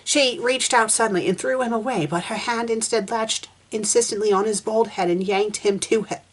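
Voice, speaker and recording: A woman's voice: a little high, moderate pace. A woman reviewer reading fan fiction aloud, breaking in with sarcastic, exasperated comments.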